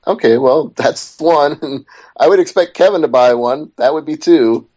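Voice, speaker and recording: A man's voice: on the high side, unhurried, darkish tone. A man co-hosting a casual wrestling podcast, chatty and steering the talk back to the topic. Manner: chatty, wanders off topic then reins it back. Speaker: podcast co-host. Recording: dull lo-fi podcast audio.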